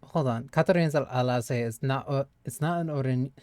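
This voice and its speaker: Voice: mid-range voice, a little fast, a little mellow, no echo. A streamer playing a video game, chatting animatedly and reading lines aloud, laughing and swearing.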